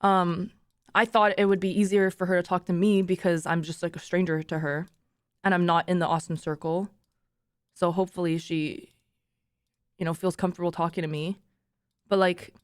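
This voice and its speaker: A woman's voice: lowish voice, no room sound, clean studio sound. A young woman streamer chatting emotionally with her viewers, rambling with restarts and drifting between tears and laughter. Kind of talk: casual chat to stream viewers. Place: treated room with acoustic panels.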